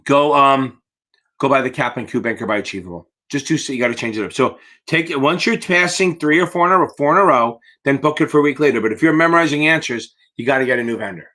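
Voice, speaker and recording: Fast and pushed, with a bright medium-pitched voice, a man casually tutors students for securities exams on a live Q&A stream. He's blunt and profane, tired and yawning, and addresses viewers as baby.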